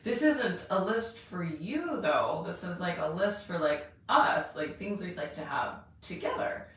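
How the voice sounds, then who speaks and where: A woman's voice: fairly low pitch, animated, measured pace, a bit bright, heavy reverb, recorded from a distance. A middle-aged woman hosting a live money challenge in a chatty, rambling way, laughing often and greeting viewers by name. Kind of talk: casual live-stream chat.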